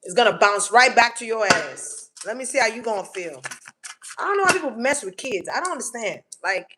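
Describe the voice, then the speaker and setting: A woman's voice: fairly high pitch, lively intonation, a little fast, background noise. A woman giving a casual collective tarot reading, blunt and slangy, swearing freely and repeating words for emphasis. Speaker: tarot reader.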